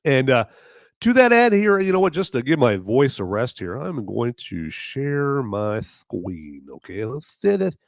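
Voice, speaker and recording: A man hosting a live podcast, talking in a hoarse voice in a rambling, jokey way. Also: mid-range voice, sing-song, a little slow, no echo. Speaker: podcast host. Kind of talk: live casual chat.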